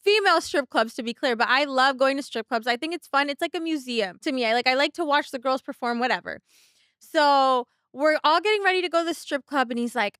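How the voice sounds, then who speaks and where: A bright, high-voiced woman in her thirties swaps blunt, profane stories as a podcast co-host. The sound is dry and close. She talks casually and swears freely. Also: animated, moderate pace, no room sound. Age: 30s. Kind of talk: casual chat.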